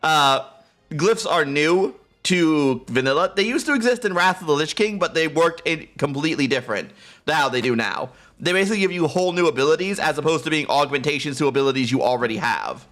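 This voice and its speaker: A man's voice: on the high side, lively intonation, brisk, fairly bright tone, soft background music. A man live streaming a game from his room on a close desk mic, chatting playfully and laughing often. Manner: giggly, playful, keeps breaking into laughter. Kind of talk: casual live-stream chat. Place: home room.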